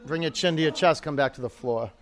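A man's voice: fairly high pitch, fast talker. A man teaching a live yoga class, calling out poses, counting down holds and coaching students by name.

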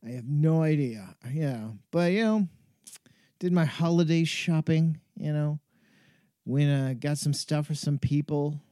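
A man muses aloud in a wry, self-deprecating comic ramble, drifting from one tangent to the next. His voice sits a little high for a man but sounds mellow and soft-edged. The recording is close and dry, with no room sound. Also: unhurried, no room sound. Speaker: podcast host. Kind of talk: rambling comedic monologue. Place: cold home garage. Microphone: earphones with mic.

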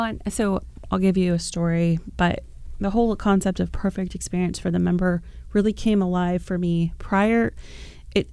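A woman on a podcast telling an animated, chatty story, with plenty of fillers. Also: fairly low pitch, clear, resonant tone, no room sound. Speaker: podcast guest.

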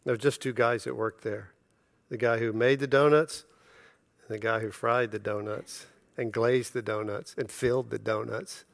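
A middle-aged man preaching a sermon, telling a self-deprecating personal story and acting out the dialogue with lively energy. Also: mid-range voice, moderate pace, vocal fry. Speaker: pastor.

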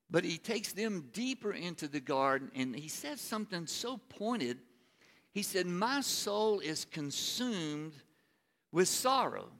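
Man, pastor, earnest sermon, slightly high voice, long church-hall reverb. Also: creaky, fairly bright tone. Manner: earnest, asks the listeners rhetorical questions.

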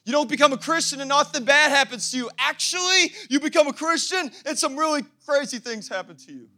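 Give me a high-voiced young pastor with a sharp, bright sound, preaching with fervor. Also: male voice, expressive, brisk. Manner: impassioned, rising to shouting. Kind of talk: sermon.

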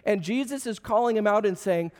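A pastor with a high voice gives a sermon in an easygoing, joking, conversational tone. He sounds a little strained, as he is losing his voice. His words ring out with the long reverb of a large hall. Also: brisk, darkish tone. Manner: casual, joking, conversational preaching. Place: church service.

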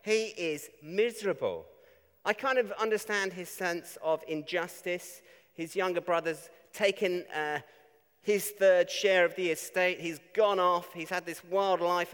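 A man's voice: high voice, unhurried, a bit bright, smooth. A man preaching a conversational sermon, often asking tag questions of his listeners. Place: church. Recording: long reverb of a church.

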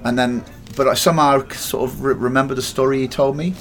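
An English guest tells a rambling life anecdote in a casual way, swearing freely and acting out what other people said. He has an English accent and a mid-range voice with fairly even intonation, talking briskly.

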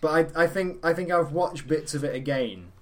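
A man's voice: on the high side, normal speed. A man, co-hosting a casual chat, sweary and jokey, often slipping into silly voices.

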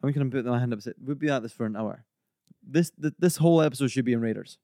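A man's voice: mid-range voice, very fast, warm tone, no room sound, studio quality. A man hosting a casual podcast chat, enthusiastically walking his co-hosts through film trivia. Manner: enthusiastic, trivia-led storytelling. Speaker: podcast host.

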